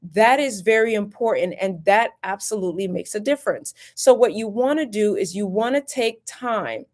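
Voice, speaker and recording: A woman's voice: mid-range voice, normal speed, a little mellow. Emphatic woman giving career tips. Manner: emphatic, repetitive, chatty asides. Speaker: workplace lawyer and career coach. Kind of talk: live-streamed career advice.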